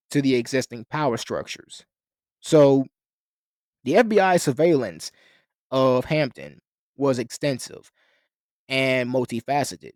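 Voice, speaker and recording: A man delivers an explanatory history lecture in long, winding sentences, now and then restarting a phrase or adding a filler. His voice sits at an ordinary middle pitch, and the recording is dry and close, with no room sound. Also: a little mellow, dry recording. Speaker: lecturer on a philosophy channel.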